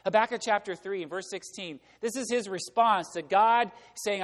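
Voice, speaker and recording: A man's voice: high voice, normal speed, few pauses. Man preaching in a reverberant church. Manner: conversational preaching with rhetorical questions. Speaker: pastor. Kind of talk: sermon. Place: church sanctuary. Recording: long hall reverb.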